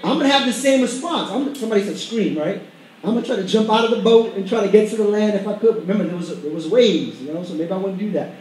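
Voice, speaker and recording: A man with a high-pitched voice preaches a sermon to a congregation. He is emphatic and stumbles into restarts, often asking them to repeat lines after him. He is recorded from a distance in a hall with very strong echo. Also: quick pace, darkish tone. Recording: very echoey hall, mic far off.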